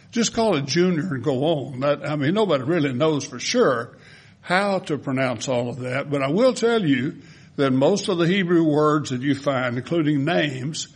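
Man, Southern accent, pastor, sermon, scripture reading with explanations, breathy voice. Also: fairly high pitch. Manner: explains word meanings between verses, reads prayers with rising intensity.

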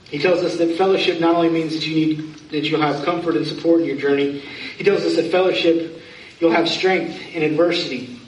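A man's voice: a little high, fairly even intonation, a little fast. A pastor preaching a conversational sermon, asking his congregation questions. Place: church sanctuary. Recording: echoey room from far off.

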